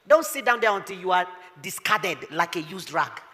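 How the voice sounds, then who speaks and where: A woman's voice: lowish voice, sing-song, normal speed, a bit bright, long reverb tail. A woman pastor preaching emphatically, firing rhetorical questions and telling stories. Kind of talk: sermon.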